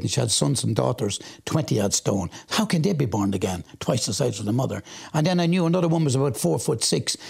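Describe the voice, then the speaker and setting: Irish man, interviewee; very gravelly, husky voice, plain-spoken storyteller who circles back and repeats himself. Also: mid-range voice, a little mellow. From Ireland.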